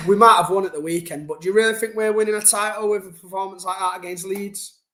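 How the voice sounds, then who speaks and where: A man's voice: high-pitched, fairly even intonation, fairly quick, pushed and bright. A young man ranting bluntly and casually to his chat during a football live stream, swearing and using slang.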